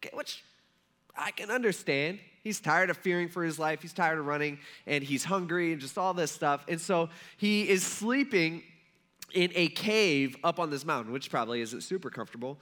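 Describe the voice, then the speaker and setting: A man giving a casual sermon, telling a Bible story in a chatty, animated way, swinging from loud emphasis to hushed asides. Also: a little high, moderate pace. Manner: conversational, animated storytelling with voiced characters. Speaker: preacher.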